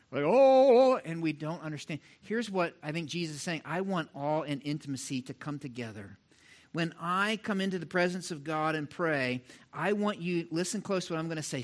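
A middle-aged man preaching a sermon as pastor, animated and talking straight to the congregation, acting out little voices to make his points. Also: fairly high pitch. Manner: animated, mimics voices for illustration, direct address to congregation.

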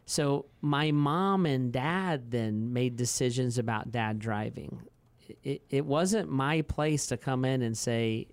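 A man in his forties with a smooth, resonant voice, chatting on a podcast like a pastor talking things through. He rambles through stories with lots of fillers and restarts and laughs easily. His voice sits at an ordinary pitch and sounds dry and close. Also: slow, no room sound. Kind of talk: casual podcast conversation.

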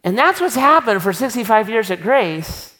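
A man's voice: high voice, very animated, moderate pace, sharp tone. A man preaching a sermon as a pastor, conversational and emphatic, often tossing rhetorical questions to the congregation.

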